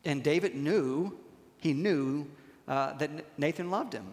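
A pastor preaching to his congregation, his slightly high voice ringing out with a long trail of reverb through the church hall. He talks plainly, checks in with the room, and slows right down to hammer home key lines. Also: darkish tone. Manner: conversational, punctuates with "okay?", slows down to stress key lines. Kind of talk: sermon.

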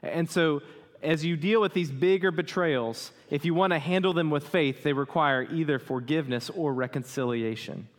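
Pastor preaching in a reverberant hall. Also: male voice, on the high side, normal speed. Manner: conversational, asks the congregation questions. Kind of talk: sermon.

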